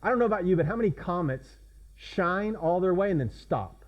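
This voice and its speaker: Pastor preaching, asking the congregation questions. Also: male voice, sits high, lively intonation, fairly quick, dull audio. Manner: conversational, asks the congregation questions. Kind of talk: sermon.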